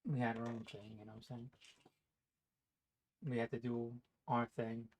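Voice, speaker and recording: A man's voice: mid-range voice, little pitch movement, moderate pace, darkish tone, a little hiss or hum. Rambling, cursing man from New Jersey. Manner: rambling and profane, many "you know" fillers. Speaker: vlogger. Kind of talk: casual storytelling monologue.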